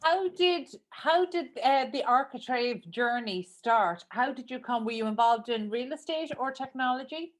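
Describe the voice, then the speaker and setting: Higher-voiced Irish woman radio host. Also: animated. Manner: chatty, welcoming, quick to laugh along. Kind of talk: podcast interview.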